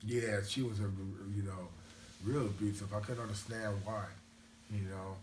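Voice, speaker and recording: A man's voice: on the low side, fairly even intonation, normal speed, darkish tone, roomy sound, a little hiss or hum. A man who is a father, giving short plainspoken answers and saying "you know" a lot. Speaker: interviewee, father. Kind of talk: casual interview.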